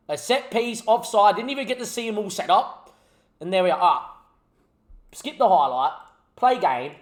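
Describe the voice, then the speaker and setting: A young man with a slightly high voice commentates his football management save. He talks at the players and the game on screen in an animated way, in the relaxed tone of a gaming YouTuber. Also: normal speed, long pauses.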